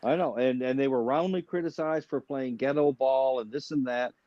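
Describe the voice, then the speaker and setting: A man chatting as a comedian guest, telling animated stories with stammering restarts. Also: mid-range voice, moderate pace, dry recording. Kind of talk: casual chat. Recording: dull, dry lo-fi sound.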